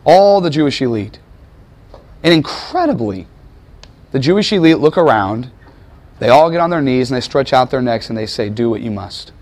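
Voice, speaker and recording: A man's voice: mid-range voice, expressive, moderate pace, pauses often, darkish tone. A man teaching a class, telling history as a story and putting questions to his students. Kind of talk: classroom lecture.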